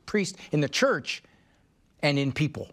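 A man's voice: a little high, very animated, a little slow. A man hosting a talk, joking with his priest guest and taking questions from the audience. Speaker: host.

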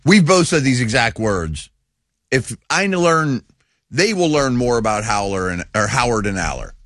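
A man's voice: medium pitch, moderate pace, no echo, studio quality. A man co-hosting a sports talk show, talking casually and emphatically, often acting out what others might say. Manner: animated, emphatic, acts out quotes, says "you know" often. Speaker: sports radio co-host.

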